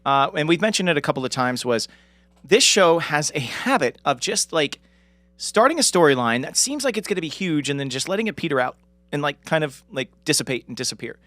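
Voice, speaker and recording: A chatty man co-hosting a podcast, relaxed and joking, with plenty of filler words. His voice sits a little higher than most men's and sounds close and dry. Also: brisk, dry recording. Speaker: podcast co-host. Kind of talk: casual chat.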